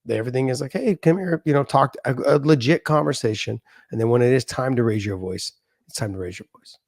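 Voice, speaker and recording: A man's voice: medium pitch, fairly even intonation, fast, vocal fry, a little mellow, dry recording. Earnest middle-aged man, dry close sound. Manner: earnest, explains with examples and quoted voices. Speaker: podcast guest, former fighter. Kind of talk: casual conversation.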